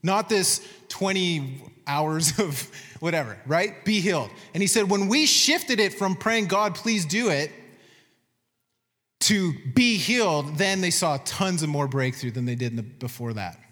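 A man teaching a sermon with slides, animated and laughing at his own points, quoting scripture in short commanding phrases. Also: a little high, normal speed, big-room sound. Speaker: preacher.

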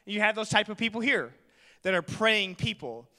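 A male pastor preaching a sermon in a church, telling stories with jokes and building to loud, shouted preaching. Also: high-pitched, animated, normal speed, big-room sound. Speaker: guest pastor.

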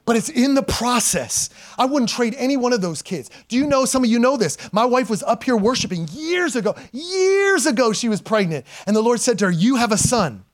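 A middle-aged man, a pastor, preaching a sermon to a congregation, calling for responses and swinging between loud and hushed delivery. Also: very high-pitched, very animated, a little fast, few pauses. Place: church sanctuary before a congregation.

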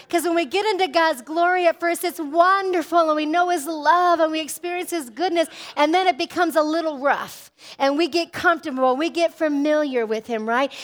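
A woman pastor preaching a sermon, exhorting the congregation with repeated "Amen?" asides and acted-out quotes. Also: sits high.

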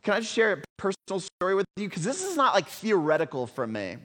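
A man's voice: high-pitched, huge pitch swings, fast. Male pastor, dramatic sermon storyteller, long hall echo. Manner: dramatic storytelling, swings between loud and hushed.

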